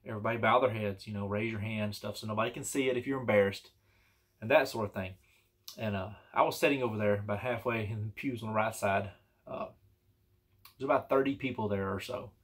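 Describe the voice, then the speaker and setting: A vlogger tells a personal story in a casual, rambling, earnest way, full of restarts and fillers. His voice is on the low side, a little fast, with a breathy edge.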